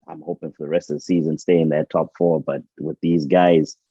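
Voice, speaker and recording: A man's voice: a bass voice, level tone, brisk, mellow, husky, dry recording, lo-fi sound. A man co-hosting a football show, chatting casually and repeating words as he thinks. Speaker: co-host.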